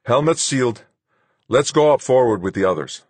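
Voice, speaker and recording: A man voicing a practical male pilot who speaks briskly. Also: medium pitch, animated, darkish tone, breathy edge, dry recording, voice pushed up.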